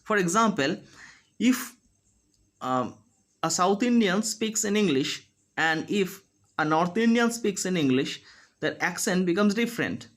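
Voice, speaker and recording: A man teaching a phonetics lesson, speaking slowly and deliberately and demonstrating each sound. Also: high-pitched, animated, fairly bright tone. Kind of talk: phonetics lecture.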